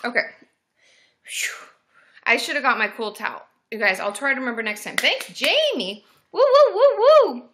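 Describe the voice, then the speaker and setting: Bubbly woman therapist host, thirties, high bright voice, swoops all over, cheers on chat. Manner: bubbly, greets viewers with cheering woos and yays. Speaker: therapist hosting a livestream. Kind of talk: casual livestream chat.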